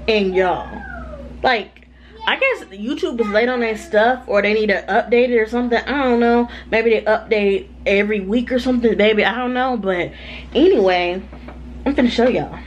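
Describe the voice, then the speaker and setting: A woman with a Southern American accent talking casually to her viewers in a home vlog, animated and full of "y'all" and "like.". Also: on the high side, moderate pace, lo-fi sound, a little hiss or hum. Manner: animated, addresses viewers as y'all, lots of likes. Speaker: vlogger.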